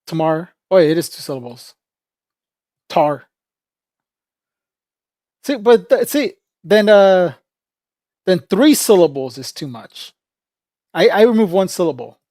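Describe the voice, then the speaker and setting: A man's voice: sits high, expressive, a little slow, long pauses, mellow, no room sound, clean studio sound. A man livestreaming in a casual, rambling chat, joking with viewers, laughing often and calling people "bro".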